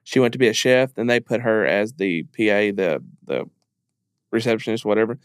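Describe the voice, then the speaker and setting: A man's voice: fairly low pitch, moderate pace, clear, resonant tone, dry recording, studio quality. A man speaking as a podcast guest in a candid interview, earnest and emphatic, repeating phrases as he talks openly about grief.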